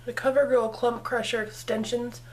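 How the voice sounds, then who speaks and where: A fairly high-pitched woman with a level, darkish tone speaks at a moderate pace. She's a makeup vlogger in casual tutorial mode, chatty and playful, muttering to herself as she goes.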